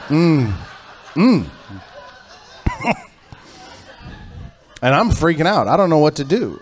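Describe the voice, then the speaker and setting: A middle-aged man performing stand-up on a comedy club stage, telling a story that builds to loud, animated punchlines. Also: fairly high pitch, takes it slowly, pauses often.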